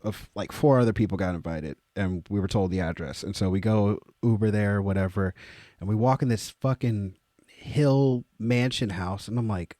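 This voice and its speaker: A young man co-hosting a podcast, telling casual stories with lots of swearing and sudden high, exclaimed quotes. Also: darkish tone, dry recording, clean studio sound. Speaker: podcast co-host. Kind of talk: casual storytelling.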